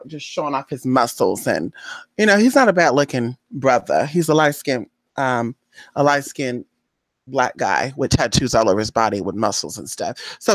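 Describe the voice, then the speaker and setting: A woman's voice: very deep voice, no echo. A woman telling a neighborhood story in a casual, gossipy vlog. She talks animatedly, acts out other people's voices, and keeps calling the viewer "girl" and "honey". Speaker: spiritual reader and vlogger.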